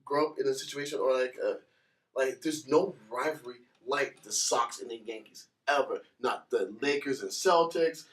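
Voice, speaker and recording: A man from New York in casual chat, animated and swearing, repeating himself when heated. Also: mid-range voice, normal speed. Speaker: podcast guest. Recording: echoey room, distant mic.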